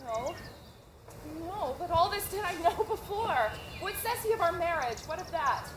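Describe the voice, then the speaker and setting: A woman's voice: very high-pitched, expressive, normal speed, background noise. A woman playing an eager, impatient young girl in love, pleading insistently on stage. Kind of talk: live stage acting.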